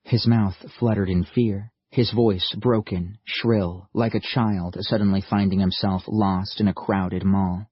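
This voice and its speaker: A male audiobook narrator reads in a steady, even manner at a slow pace. His voice is low and a little husky. The recording is dry and slightly muffled. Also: no room sound. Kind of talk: scripted narration.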